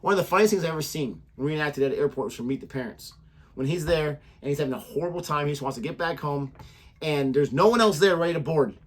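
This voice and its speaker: A man's voice: on the high side, fast. A man co-hosting a reaction video in casual chat, joking and rambling as he laughs often. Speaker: reaction channel co-host.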